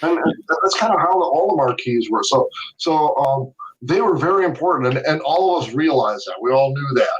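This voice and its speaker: Man, podcast guest, lively chuckling storyteller with a slightly high voice. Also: a little fast, slightly rough, far from the mic, lo-fi sound. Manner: animated storyteller who laughs often and repeats words. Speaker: interview guest, video game artist.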